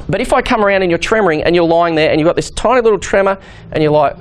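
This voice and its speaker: A man talks quickly to a workshop group in a fairly high voice. He explains things in a lively way, often acting out what people say. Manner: fast, animated, acts out quoted voices. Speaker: physiotherapist workshop leader. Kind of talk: workshop instruction.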